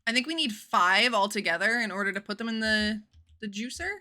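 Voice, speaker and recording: A woman streaming a game live, chatting casually with viewers in a bubbly, animated way and swearing freely. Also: mid-range voice, a little fast. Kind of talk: casual live-stream chat while gaming.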